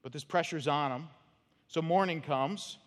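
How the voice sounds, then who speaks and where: A man's voice: fairly high pitch, unhurried. Emphatic male pastor in a reverberant hall. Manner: emphatic, rhetorical "right?" checks, dramatic drops in volume. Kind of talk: expository sermon. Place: church sanctuary.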